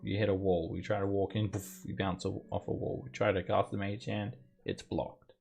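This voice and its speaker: A man runs the tabletop session as dungeon master, his voice low and full of fry. He lays out each room in steady, descriptive narration and calls the rules on what the players try. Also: moderate pace.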